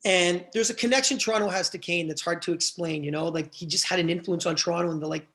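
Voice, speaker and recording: Man, podcast guest, animated storyteller, swears a lot, very quick pace. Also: sits high. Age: young adult to middle-aged. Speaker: guest, event promoter. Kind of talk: casual podcast chat.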